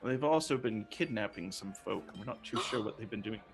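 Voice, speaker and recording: A man's voice: fairly low pitch, lively intonation, fairly quick, faint music behind. A man voicing a gray-haired older woman in a tabletop game, chatty and persuasive as she asks for help.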